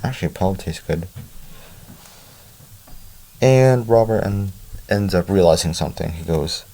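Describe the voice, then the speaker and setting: A man's voice: deep voice, lively intonation, normal speed, long pauses, dark tone. A man casually recapping a book's plot, with chatty offhand asides. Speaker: book reviewer. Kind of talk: casual story recap and reading.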